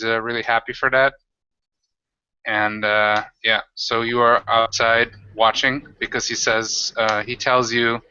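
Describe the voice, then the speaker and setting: A man's voice: mid-range voice, bright, forceful tone, smooth, no echo, muffled recording. A man narrating as dungeon master, stopping and restarting often as he describes the scene. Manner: halting, many restarts. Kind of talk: narrating a tabletop game.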